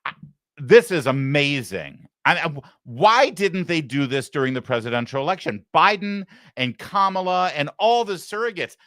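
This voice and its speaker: A man's voice: on the high side, normal speed, dry recording, studio quality. Sarcastic talk show host, man. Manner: sarcastic, mocking, animated. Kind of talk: commentary.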